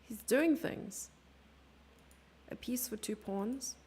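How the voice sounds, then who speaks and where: A woman's voice: a little high, takes it slowly, dark tone, husky. A woman streamer giving chatty live chess commentary, thinking aloud and sometimes dropping into a whisper.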